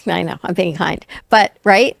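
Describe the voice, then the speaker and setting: A woman co-host in a casual chat, asking questions in a measured way. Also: fairly low pitch, creaky, no echo.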